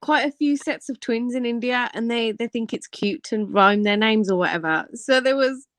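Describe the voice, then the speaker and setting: A woman's voice: a little high, normal speed, no echo. A young woman, hosting a casual live-stream chat, telling stories in slang with frequent laughter. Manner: laughs often, slangy and animated storytelling. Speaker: livestream host.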